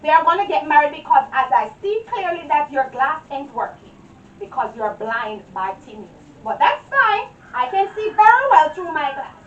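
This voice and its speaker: A woman playing a shrill, indignant old Jamaican woman. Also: very animated, normal speed, dull audio, slight background noise. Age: older. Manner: dramatic storytelling, high and sing-song. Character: fussy indignant old woman, easily shocked. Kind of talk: amateur drama acting. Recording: roomy, distant mic.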